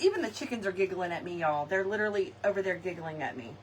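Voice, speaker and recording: A crafting vlogger with a lowish, widely swinging voice talks quickly and barely pauses as she crafts live for viewers. She laughs often and addresses her audience directly. The distant mic picks up background noise and faint ambience.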